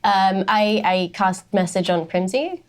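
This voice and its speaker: A woman's voice: mid-range voice, measured pace. A woman playing a tabletop game, speaking casually and a bit hesitantly. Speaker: player.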